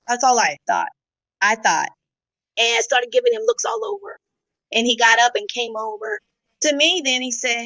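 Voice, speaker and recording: A woman's voice: fairly high pitch, lively intonation, moderate pace, sharp tone, no room sound, rough recording. A middle-aged woman from Brazil, a guest in an interview, telling her own story emotionally. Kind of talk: confessional interview talk.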